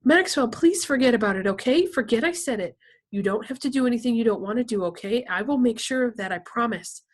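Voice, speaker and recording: A woman's voice: a little high, lively intonation, brisk, pitched above the performer's own voice. Casting: a woman playing a soothing, insistent principal, storybook reading. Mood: pleading. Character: earnest woman school principal.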